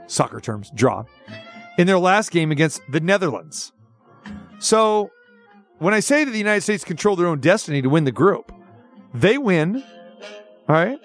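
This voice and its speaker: A man with a high, light voice hosts a sports talk show. He talks in a loose, rambling way and circles back to repeat his points. Faint music plays underneath. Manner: chatty, rambling, restates points. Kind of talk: casual sports talk commentary.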